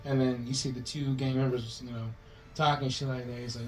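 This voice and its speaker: Rambling, profane man pitching a plot. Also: steady tone, a little fast, faint music behind, rough recording. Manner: rambling, swearing, acts out quotes in changing voices. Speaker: podcast co-host. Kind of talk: casual chat pitching a movie plot.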